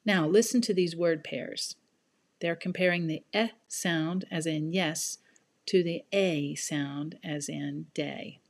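A woman teaching a scripted pronunciation lesson, carefully enunciated and measured. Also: sits low. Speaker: pronunciation instructor.

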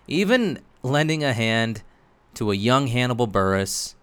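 A man giving scripted narration for a video essay in a measured, explanatory way. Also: mid-range voice, sing-song, fairly bright tone, clear, resonant tone, no room sound.

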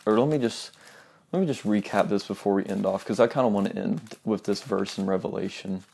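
A young man preaching in an earnest, informal way. His voice is low, gravelly and mellow. He reads scripture aloud and sometimes sinks to a soft near-whisper to drive a point home. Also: a little fast. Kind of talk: informal sermon with Bible reading.

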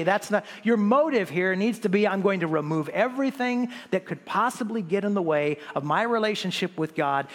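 A man preaching a sermon as pastor, animated, with many restarts and rhetorical questions to the congregation. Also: high voice, big-room sound.

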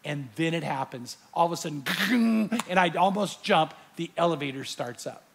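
A man's voice: fairly high pitch, a little fast, fairly bright tone, a little hiss or hum. A man preaching to a large live audience, telling a story animatedly and acting out his own fright. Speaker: pastor. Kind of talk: sermon with storytelling.

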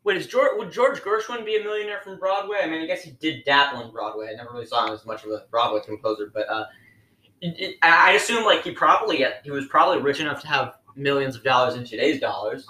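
A man's voice: a little high, lively intonation, fast, sharp tone. A man hosting an improvised comedy interview, hesitant and stammering, asking incredulous questions. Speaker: host. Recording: roomy echo.

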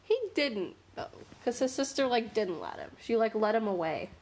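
A woman co-hosting a podcast and discussing her own story in relaxed, casual chat. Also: fairly high pitch, moderate pace. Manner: relaxed, laughs often. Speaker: podcast co-host and story author.

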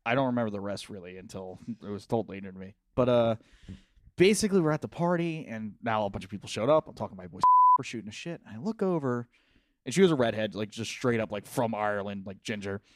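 A man's voice: fairly low pitch, sing-song, quick pace, fairly bright tone, no room sound, clean studio sound. A man hosting a podcast, telling a party story in casual chat, often laughing, swearing and acting out what people said. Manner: laughing, swearing, acts out quotes. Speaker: podcast host.

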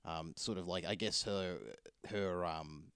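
A man's voice: deep voice, steady tone, measured pace, fairly bright tone, clean tone, dry recording, clean studio sound. A man chatting casually about films, rambling with lots of fillers and restarts. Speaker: film reviewer. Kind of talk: casual film review chat.

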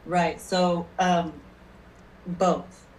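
A spirit medium tells stories in a chatty, anecdotal way during a casual interview, checking in with "okay?" as she goes. Her lowish voice is flat with drawn-out words, picked up by a distant mic in a roomy space with faint noise.

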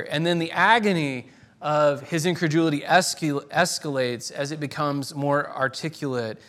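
A man's voice: on the high side, normal speed, a bit bright. A man preaching a sermon in a conversational way, restarting phrases and reading quoted lines with dramatic force.

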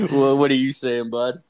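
A man co-hosting a casual podcast, telling a rambling, profane story full of "like" fillers. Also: mid-range voice.

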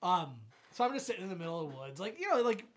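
A man co-hosting a podcast, telling a story in a casual chat and dropping low and quiet when he quotes people. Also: big pitch swings, rapid-fire. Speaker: podcast co-host.

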